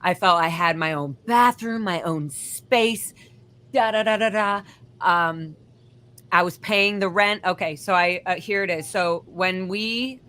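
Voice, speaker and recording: Woman, bright tone, lowish pitch, rambling, swears, casual live chat. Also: measured pace. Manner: rambling, profane, storytelling. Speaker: guest.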